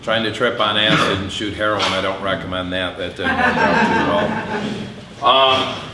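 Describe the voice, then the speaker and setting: A middle-aged man giving a candid personal testimony speech at an event, telling a hard story with flashes of dark humor. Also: deep voice, fairly even intonation, measured pace, crowd noise. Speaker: public speaker. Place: event hall. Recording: echoey hall with faint ambience.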